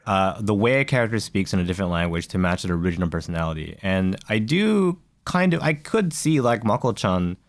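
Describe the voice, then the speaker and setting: A man's voice: deep voice, big pitch swings, fairly quick, few pauses, no echo. A man co-hosting a gaming podcast, talking casually and thoughtfully, asking questions with fillers. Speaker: podcast co-host. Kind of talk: casual chat.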